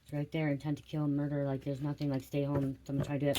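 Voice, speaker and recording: Speaking quickly in a low, monotone voice, a woman gives viewers a relaxed tarot reading and talks to them directly. Surprises draw frequent curses from her, and background noise is audible.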